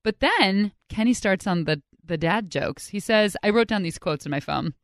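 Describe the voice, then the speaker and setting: A woman hosting a podcast, telling stories in an upbeat, chatty, animated way. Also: mid-range voice, normal speed, no echo, clean studio sound. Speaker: podcast host. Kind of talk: casual storytelling narration.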